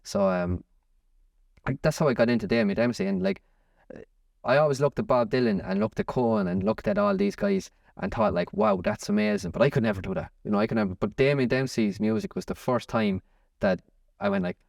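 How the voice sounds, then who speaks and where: A young Irish musician chatting in an interview, rambling with many restarts. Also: male voice, mid-range voice, big pitch swings, a little fast, creaky, darkish tone, no room sound, studio quality, distant mic. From Ireland. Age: young adult. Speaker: musician guest. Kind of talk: casual interview chat.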